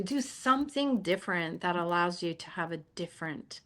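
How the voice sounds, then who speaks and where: A woman's voice: fairly low pitch, animated, normal speed, hardly any pauses, a bit bright. A woman hosting an interview, speaking in an encouraging, affirming way. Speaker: interview host. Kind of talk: interview conversation.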